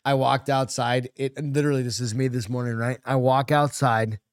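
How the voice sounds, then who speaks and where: Middle-aged male co-host, swears freely, lively storyteller, dry close sound. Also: medium pitch, a little fast, clear, resonant tone, no echo. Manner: profane, animated storytelling. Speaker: podcast co-host. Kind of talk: casual chat.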